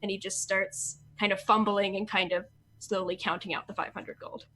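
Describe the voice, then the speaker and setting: A woman's voice: medium pitch, little pitch movement, sharp tone. Casual woman player describing actions. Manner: casual, halting, many "like"s. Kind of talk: describing actions in a tabletop game.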